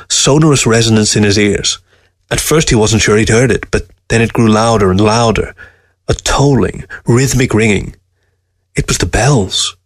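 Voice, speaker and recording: A man narrating a story in an even, measured reading. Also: lowish voice, dry recording, studio quality. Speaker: story reader.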